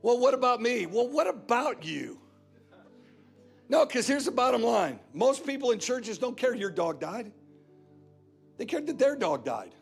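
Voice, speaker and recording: A man's voice: extremely high pitch, very animated, unhurried, vocal fry, pauses often, husky, soft background music. A man preaching a sermon as guest pastor, emphatic and repetitive, driving points home again and again. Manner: emphatic preaching with repeated phrases. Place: church.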